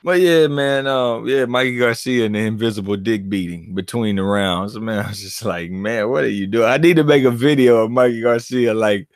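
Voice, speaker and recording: Male vlogger, mid-range voice, dry close sound, loose animated banter full of cursing. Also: mid-range voice, moderate pace, hardly any pauses, clean tone, no room sound. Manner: animated, profane, laughing banter. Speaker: boxing commentator and channel host. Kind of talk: casual vlog commentary.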